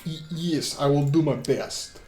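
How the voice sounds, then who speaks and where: A man's voice: fairly high pitch, unhurried, darkish tone, roomy sound, faint music behind, close to an everyday voice. A man voicing a timid young woman witch in a put-on Russian accent, stammering and hesitant.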